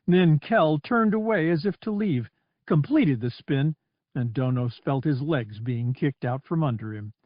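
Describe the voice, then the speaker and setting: Lively, slow-paced male audiobook narrator. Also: fairly high pitch, no echo, dull audio. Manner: expressive, vivid storytelling. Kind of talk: scripted narration.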